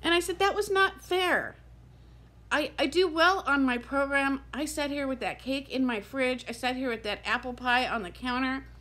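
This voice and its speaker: A woman's voice: high-pitched, normal speed, few pauses, fairly bright tone. A woman in her fifties talking candidly to camera in a chatty vlog, tired and close to tears. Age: 50s. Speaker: vlogger. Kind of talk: casual chat to camera.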